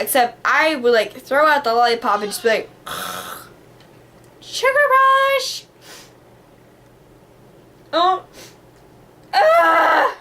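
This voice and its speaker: A fairly high-voiced woman chats away in a bubbly, rambling vlog monologue, peppering nearly every phrase with "like." Her manner is dramatic and chatty, with a faint hiss of room noise underneath. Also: fairly bright tone. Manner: rambling, heavy on the filler word "like". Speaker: vlogger. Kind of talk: casual reminiscing monologue.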